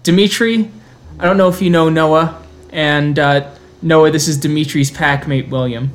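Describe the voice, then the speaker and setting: A man voicing a friendly adult man who makes quick, casual introductions. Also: a little high, steady tone, close to an everyday voice.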